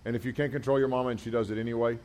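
Lively man preaching to teens. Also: medium pitch, rapid-fire. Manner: animated storytelling, acts out voices. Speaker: camp speaker. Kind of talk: youth sermon.

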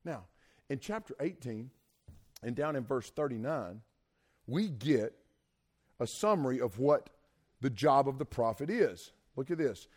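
A man preaching a sermon in a lively, colloquial way, retelling a scripture story and asking his listeners questions. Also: medium pitch, unhurried, pauses often. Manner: animated, colloquial, speaks to listeners directly.

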